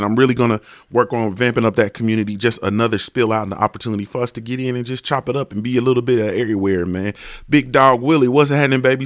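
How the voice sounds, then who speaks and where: A man's voice: medium pitch, no room sound, clean studio sound. A man hosting a casual livestream, greeting viewers by name in a laid-back, slangy, sing-song way. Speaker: livestream host.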